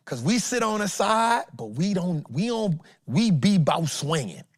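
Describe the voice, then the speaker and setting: Man, motivational host, slangy, animated, higher voice, dry sound. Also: a little slow, breathy edge, dry recording. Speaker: podcast host, trading educator. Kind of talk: motivational casual talk.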